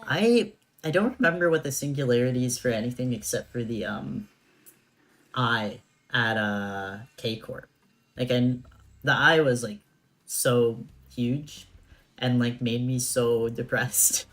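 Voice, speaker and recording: A woman's voice: a bass voice, slow pace. A young woman streamer chatting casually over a game, laughing often and talking in slang. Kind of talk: casual gameplay commentary.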